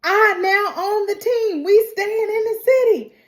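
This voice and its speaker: A woman's voice: very high voice, a little slow, fairly bright tone, pitched above the performer's own voice. A woman voicing a brash, scheming male Komodo dragon gambler in a cocky, slangy way while retelling a cartoon.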